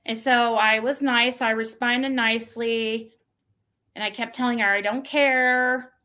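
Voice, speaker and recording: On her channel's livestream, a woman vents in exasperation about messages sent to her, reading them aloud in a mocking, shrill imitation. She speaks unhurriedly, her pushed, bright voice showing little pitch movement.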